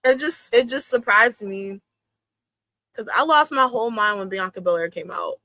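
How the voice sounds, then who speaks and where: A young woman streamer hosts a wrestling watch-along with casual live commentary, chatty and slangy, her reactions swooping up into big high exclamations. Her voice is bright and sharp, at a moderate pace, with no echo. Allergies have left her eyes itchy and watery.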